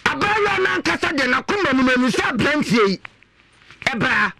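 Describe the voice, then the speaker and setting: A man's voice: extremely high pitch, brisk, very noisy. A man with a Ghanaian accent, talking animatedly and emphatically as a panelist on a radio talk show. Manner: animated, emphatic, rising into exclamations.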